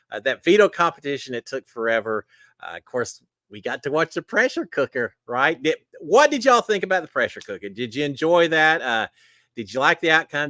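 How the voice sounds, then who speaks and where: A man's voice: fairly high pitch, pushed and bright, dry recording. A middle-aged man, hosting a casual live stream and greeting viewers one by one in a folksy way. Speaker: live show host. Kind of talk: casual livestream chat.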